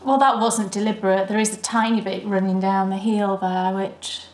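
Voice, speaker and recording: A British woman co-hosting a knitting podcast, chatting and gushing warmly over her projects. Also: medium pitch, fairly even intonation, moderate pace. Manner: chatty and enthusiastic, gushing praise. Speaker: podcast co-host. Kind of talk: casual chat. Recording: roomy echo.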